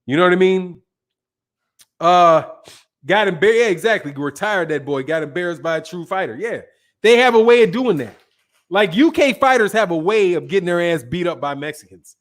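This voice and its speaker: A man hosting a live boxing talk stream, casual and blunt, profane and quick to laugh at his own jokes. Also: high-pitched, animated. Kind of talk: casual live-stream chat reading viewer comments.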